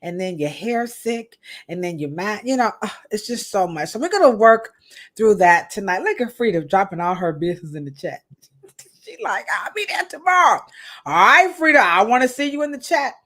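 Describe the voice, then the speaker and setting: A woman's voice: mid-range voice, big pitch swings, moderate pace, a bit bright. A woman in her thirties hosting a live podcast, chatting playfully and greeting viewers in the chat. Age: 30s. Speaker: podcast host. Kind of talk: casual livestream chat.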